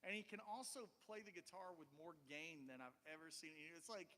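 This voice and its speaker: A man's voice: on the high side, animated, fairly quick, sharp tone, big-room sound. A man giving a live guitar clinic in a shop, talking in a chatty, encouraging way with lots of fillers. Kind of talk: casual live clinic talk.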